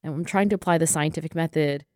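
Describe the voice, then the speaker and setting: A woman psychologist and author being interviewed, speaking in an earnest, thoughtful way with quick restarts. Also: low voice, dry recording, studio quality. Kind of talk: interview conversation.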